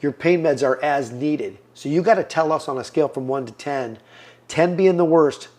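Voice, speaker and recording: A man's voice: a little high, normal speed, darkish tone. A man in his fifties, a podcast guest, giving an earnest personal testimony and acting out the lines people said to him. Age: 50s. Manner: earnest storyteller, acts out quoted lines.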